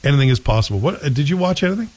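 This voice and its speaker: A man's voice: on the high side, expressive, a little mellow, poor audio. Chatty, opinionated male host. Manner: chatty and opinionated, quick asides. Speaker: show host. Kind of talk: casual chat.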